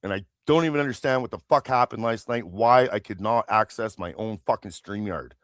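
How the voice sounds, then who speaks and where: A man's voice: on the low side, fairly quick, a bit bright, no room sound, clean studio sound. A man hosting a live stream, delivering an angry, heavily profane political rant into a streaming mic. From Canada. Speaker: livestream host.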